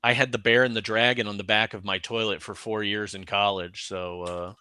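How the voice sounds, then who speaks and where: A young man co-hosting a casual movie podcast, chatty and quick to laugh, sometimes quoting lines in a growly voice. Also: on the low side, fairly even intonation, sharp tone, smooth. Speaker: podcast co-host. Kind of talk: casual movie review chat.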